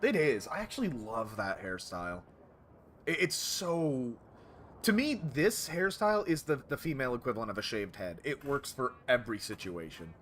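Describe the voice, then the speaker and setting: A man's voice: medium pitch, sing-song, normal speed, a bit bright, slight background noise. A man streaming a game, chatting casually with his viewers, correcting himself and reacting to their comments.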